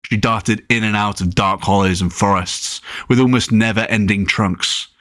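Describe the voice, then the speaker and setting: A man narrating a chapter of his own novel as an audiobook, relaxed and with occasional slips. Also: on the low side, moderate pace, no room sound, clean studio sound.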